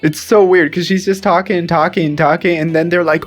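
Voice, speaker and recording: A man co-hosting a podcast in loose, casual chat. He rambles, trips over his words and repeats himself, and he laughs a lot. Faint music sits low behind him. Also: steady tone, a little fast. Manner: mimics voices in high squeals when retelling. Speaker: podcast co-host.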